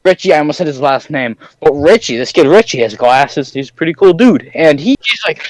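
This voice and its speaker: A teenage boy telling a story on a casual podcast, animated and acting out the voices of the people in it. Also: fairly high pitch, brisk, low-quality recording. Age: teens. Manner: animated, acts out voices in his stories. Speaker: podcast host.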